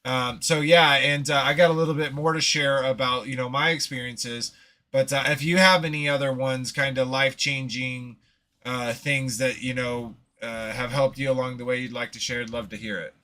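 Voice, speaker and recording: Bright-voiced male host searching for words. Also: mid-range voice, steady tone. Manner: halting, searches for words with many restarts. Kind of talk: casual faith discussion.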